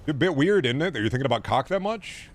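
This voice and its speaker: A man's voice: medium pitch, lively intonation, fast talker. A young man streaming games, chatting casually with sarcastic, profane rants. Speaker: gaming streamer.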